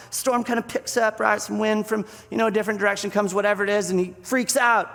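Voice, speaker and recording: A pastor giving a sermon, telling a story in an animated, conversational way. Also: male voice, high-pitched, quick pace, gravelly, few pauses, long reverb tail.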